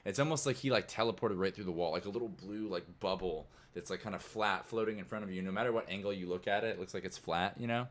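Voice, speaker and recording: Deep-voiced male game master. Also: fast talker, hardly any pauses. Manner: loose, casual narration with many likes. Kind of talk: narrating a tabletop game.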